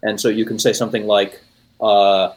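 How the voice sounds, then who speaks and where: A man's voice: on the low side, little pitch movement, normal speed, a little mellow, husky, low-quality recording. A man in his late forties from the United States, talking shop casually about computing, rambling with many fillers and self-corrections. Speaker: podcast guest. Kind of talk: casual technical chat.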